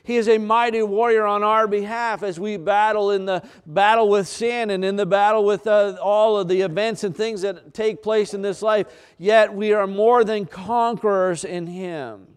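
A man preaching a sermon, building through repetition and dramatic pauses, with some fillers and restarts. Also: sits high, steady tone, smooth. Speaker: pastor.

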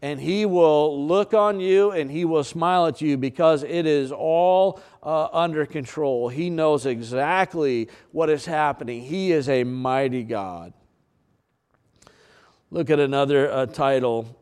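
A man preaching a sermon, building through repetition and dramatic pauses, with some fillers and restarts. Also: fairly high pitch, a little mellow, clean tone. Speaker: pastor.

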